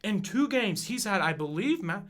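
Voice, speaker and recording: Fired-up, bright-voiced young man ranting. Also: high voice, big pitch swings, normal speed. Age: 20s. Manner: profane, fired-up, emphatic. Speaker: podcast host. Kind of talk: casual sports rant.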